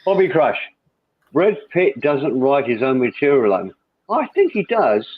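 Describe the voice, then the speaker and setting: A man's voice: medium pitch, sing-song, unhurried, husky, no echo. A man hosts a casual live chat, wandering from joke to comment in a loose, talkative way. His mid-range voice comes through a narrow, tinny phone-like line. The sound is dry, with no room around it. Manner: rambling, chatty, reads viewer comments aloud. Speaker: host.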